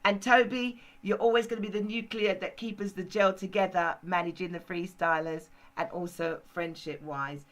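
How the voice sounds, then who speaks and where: A woman's voice: lowish voice, steady tone, normal speed, hardly any pauses, fairly bright tone, a little hiss or hum, poor audio. A woman hosting a casual group chat, rambling and laughing easily. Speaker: host.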